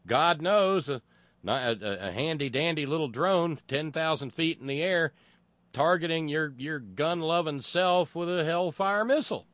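A man's voice: on the high side, fairly bright tone, dry recording. Guy for sarcastic rant commentary; stumbles and restarts, dry close mic. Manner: rambling and sarcastic, many restarts. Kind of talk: casual monologue commentary.

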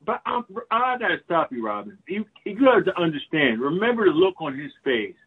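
Excitable, profane man on a tinny line. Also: a little high, fairly quick, husky. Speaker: political talk show co-host. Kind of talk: casual political commentary.

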